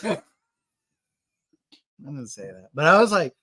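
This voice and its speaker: Rambling male storyteller, a touch high. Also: very animated, slow pace, breathy edge. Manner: rambling, self-mocking, acts out quotes loudly. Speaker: podcast host. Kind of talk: casual storytelling chat.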